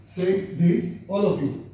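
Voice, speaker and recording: An older Israeli rabbi gives an informal classroom lecture in an echoey room, his male voice high with a darkish tone. He's chatty, asks the class questions and repeats words for drill, and the mic is far off, with faint noise.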